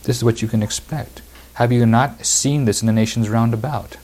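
A man's voice: medium pitch, fairly even intonation, moderate pace, a little mellow. A man preaching a verse-by-verse sermon, reading scripture aloud and explaining it with emphatic repetition.

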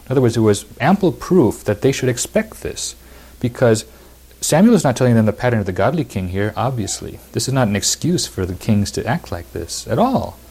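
A man's voice: medium pitch, very animated, fairly quick, a little mellow, slightly rough. A man preaching a verse-by-verse sermon, reading scripture aloud and explaining it with emphatic repetition.

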